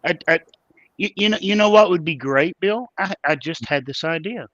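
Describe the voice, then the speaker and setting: A man's voice: a little high, normal speed, fairly bright tone, no echo, highs cut off. A man playing in a tabletop game, chatting casually with stammering restarts. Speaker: player. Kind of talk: casual chat.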